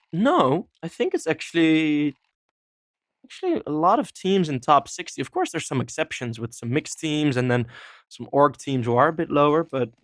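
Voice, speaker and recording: A man's voice: on the high side, no echo, studio quality. A man casting a competitive shooter match alone, rambling casually between plays with fillers and small laughs. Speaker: esports caster. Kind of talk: solo live game commentary.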